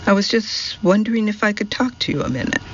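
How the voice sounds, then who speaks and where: A man voicing Brian, a cheerful middle-aged male volunteer who talks in a casual, unhurried, matter-of-fact way. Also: high voice, lively intonation, a bit bright, muffled recording, slight background noise, voice pushed up. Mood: easygoing.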